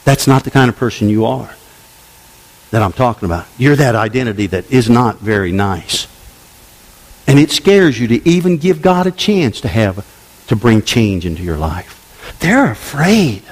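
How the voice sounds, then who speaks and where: A man preaching a sermon to his congregation, with conversational asides, dropping to low murmurs and rising to loud exclamations. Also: big pitch swings, normal speed. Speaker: pastor.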